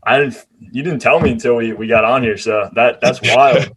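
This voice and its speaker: A man's voice: mid-range voice, moderate pace, breathy edge. A man hosting a casual interview, chummy and jokey, calling his guest dude and bro. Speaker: interviewer, host.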